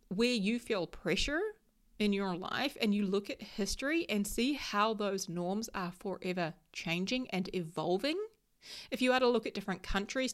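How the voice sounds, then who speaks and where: A woman in her thirties giving a motivational talk about solo travel, emphatic and coaching, often checking in with "right?". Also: mid-range voice.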